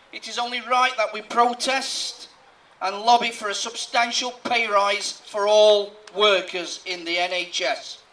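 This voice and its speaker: A man's voice: very high-pitched, sharp tone, reverberant, far from the mic, rough recording. A man, a trade union rep giving a plain-spoken rally speech. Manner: plain-spoken, building to firm demands. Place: outdoor street rally.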